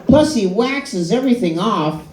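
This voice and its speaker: A man doing a stand-up comedy set, telling a story in an animated way and swearing freely. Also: sits high, a little slow. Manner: animated storytelling, swearing, crowd laughing along. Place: live comedy show at a bar and grill. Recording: echoey bar room with a loud crowd. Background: audience laughing.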